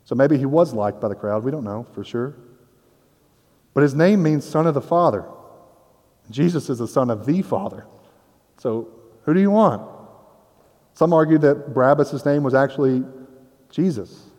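Man, pastor, sermon, conversational, self-deprecating, mid pitch, long hall reverb. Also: moderate pace, long pauses, a little mellow. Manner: conversational, self-deprecating, acts out quoted voices.

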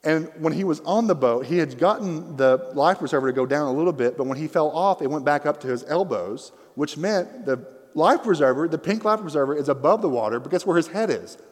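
A young man preaching a sermon through a microphone, telling a funny story with animated, rising excitement. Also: fairly high pitch, fairly quick, few pauses, big-room sound. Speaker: pastor.

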